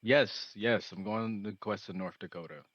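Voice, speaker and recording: A man's voice: fairly low pitch, fairly even intonation, moderate pace, fairly bright tone, dry recording, muffled recording. A man voicing a boastful teen boy demigod chess champion with a brash, teasing way of talking.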